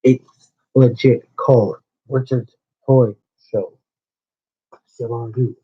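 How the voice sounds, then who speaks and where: Male, mid pitch, channel owner, confrontational and rambling, muffled lo-fi sound. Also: fairly even intonation, takes it slowly, husky. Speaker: owner of a small wrestling channel. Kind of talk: call-out video rant. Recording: dull lo-fi recording.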